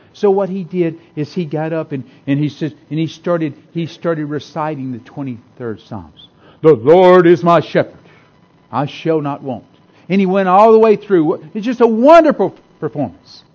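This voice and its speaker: A man preaching a sermon with passion, repeating phrases and swinging between loud declarations and hushed asides. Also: sits high, dull audio.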